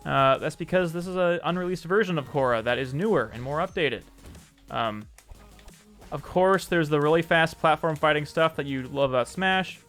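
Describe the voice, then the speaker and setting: A man's voice: a little high, moderate pace, fairly bright tone, soft background music. A man streaming and showing off his own game, chatting in an upbeat way and thanking viewers by name. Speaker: streamer and indie game developer. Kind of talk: casual live-stream commentary.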